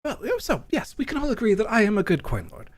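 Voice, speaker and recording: A man's voice: high voice, huge pitch swings, fast talker, pitched above the performer's own voice. A man voicing a vain, scheming male coin lord who talks in a smug, self-satisfied, wheedling way.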